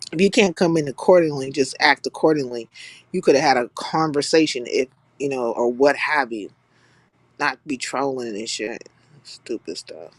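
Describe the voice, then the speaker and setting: A woman's voice: a bass voice, dry recording. A young woman from California hosting a live stream in blunt, profane, casual chat, laughing often. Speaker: livestream host.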